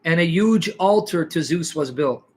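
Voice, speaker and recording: Casting: male apologist, fairly high pitch, forceful, lecturing, full of rhetorical questions. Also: animated, moderate pace. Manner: emphatic, rhetorical questions, clears throat. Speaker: Christian apologist guest. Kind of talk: animated theological argument.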